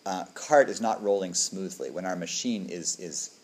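A man's voice: deep voice, normal speed, darkish tone. A man, a dharma teacher, giving a reflective, conversational talk to a group and often asking "right?".

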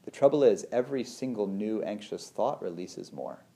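A man speaks in a low, warm voice, talking through feelings and the nervous system like a meditation teacher. He is conversational, full of "like" and restarts. He jumps up in pitch when he acts out what his inner voice says. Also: lively intonation, normal speed, gravelly. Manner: conversational, many fillers and restarts.

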